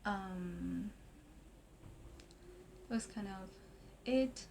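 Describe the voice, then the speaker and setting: A woman from Argentina, talking through a makeup tutorial in a hesitant way with many pauses and fillers. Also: mid-range voice, vocal fry, warm tone, slight background noise. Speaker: makeup vlogger.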